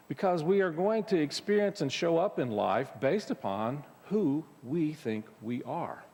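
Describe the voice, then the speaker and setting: A minister addresses his congregation in a church sanctuary with a conversational spiritual talk, often restarting sentences and using fillers. His fairly high voice is darkish with a breathy edge, swinging widely in pitch at a slightly slow pace with hardly any pauses, all under long hall reverb.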